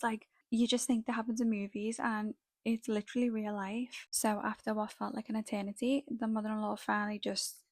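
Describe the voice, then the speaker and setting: A woman's voice: mid-range voice, no echo. A young woman telling a story in a chatty vlog style, full of fillers. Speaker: makeup artist vlogger. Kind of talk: casual storytime while doing makeup.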